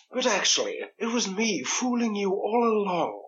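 A man's voice: high-pitched, big pitch swings, normal speed, few pauses, a bit bright, muffled recording. A man leaving a goofy, sing-song voicemail. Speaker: voicemail caller. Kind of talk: comedic voicemail.

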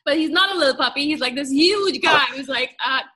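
A woman's voice: high voice, fairly quick, pushed and bright. A woman in casual conversation, reacting with affectionate, gushing enthusiasm.

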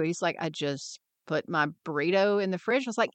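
Woman podcast host, mid-pitched, encouraging and upbeat, dry close-mic sound. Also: very animated, normal speed, hardly any pauses, a bit bright, dry recording. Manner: upbeat, encouraging, acts out quoted voices. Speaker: podcast host and wellness mentor. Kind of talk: scripted podcast monologue.

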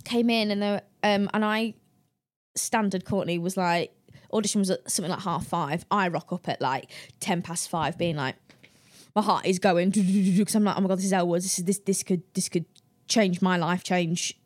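A young woman, a guest on an interview show, telling anecdotes in a lively, chatty way and acting out the people she quotes with a raised voice and frequent laughs. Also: fairly low pitch, normal speed. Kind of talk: casual interview chat.

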